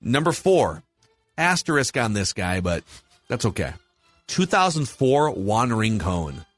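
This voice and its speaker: A man's voice: lowish voice, big pitch swings, a little slow, soft background music. A man in his forties with a Minnesota accent, hosting a casual sports podcast and eagerly running through rankings. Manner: enthusiastic, lists rankings. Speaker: podcast host.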